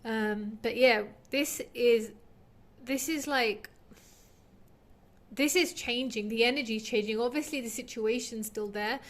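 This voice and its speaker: A woman's voice: on the high side, unhurried. A woman giving an intuitive tarot reading to her viewers, earnest and heartfelt, rambling with many fillers. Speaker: tarot reader.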